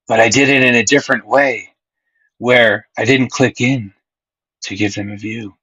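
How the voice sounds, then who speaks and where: A man streaming live, chatting casually with his viewers and reading their comments. He rambles and gets excited, and he swears freely. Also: mid-range voice, moderate pace, breathy edge, dry recording, poor audio.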